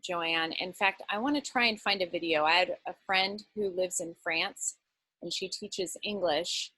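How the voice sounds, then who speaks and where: A woman's voice: lowish voice, unhurried, pushed and bright, no room sound. A woman leading an online workshop over a video call, chatty and encouraging, talking in loose, rambling sentences. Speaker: workshop facilitator. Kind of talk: casual online workshop talk.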